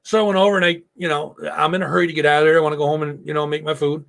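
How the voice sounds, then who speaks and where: Gravelly-voiced man telling a story. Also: a little high, flat delivery, rapid-fire, a bit bright. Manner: loose storytelling, frequent swearing and fillers. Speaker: live show host. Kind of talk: casual live-stream chat.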